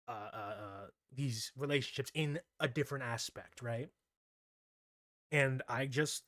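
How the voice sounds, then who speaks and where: A man's voice: mid-range voice, no echo, studio quality. A man giving a casual, rambling anime review who gets heated and incredulous as he talks. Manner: excitable, grows heated and incredulous. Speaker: anime commentator.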